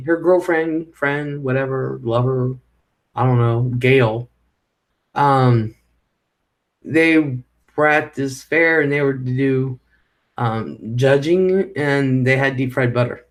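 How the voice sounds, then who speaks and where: A middle-aged man with a medium-pitched voice speaks slowly while hosting a casual live stream. He meanders through viewer comments in easygoing chat, swearing when annoyed.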